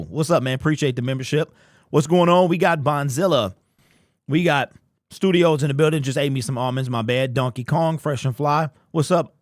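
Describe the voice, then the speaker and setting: A man's voice: a little high, dry recording, studio quality. A man hosting a casual fan live stream, greeting chat members by name in loose, slangy talk.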